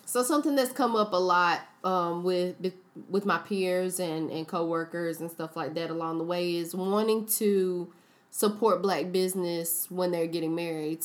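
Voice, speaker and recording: A woman co-hosting a casual podcast chat, talking through recommendations with plenty of fillers. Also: fairly low pitch. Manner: chatty, recommends businesses with frequent fillers. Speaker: podcast co-host.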